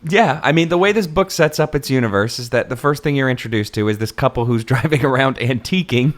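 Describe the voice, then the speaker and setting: A man's voice: mid-range voice, fast. A man co-hosting a casual book-review podcast, wry and profane, laughing often as he talks. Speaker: podcast co-host.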